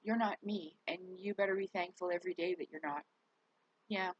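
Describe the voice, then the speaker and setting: A woman's voice: mid-range voice, steady tone, a little fast, dry recording, highs cut off. A worn-out woman talking candidly to her viewers in a rambling, casual vlog, cursing now and then. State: worn out, recovering. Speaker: vlogger.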